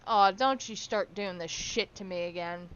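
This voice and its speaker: A woman's voice: medium pitch, normal speed, fairly bright tone, muffled recording, a little hiss or hum. A woman streaming a survival game, chatting casually, swearing freely and cooing at her in-game animals. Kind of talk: casual gameplay commentary.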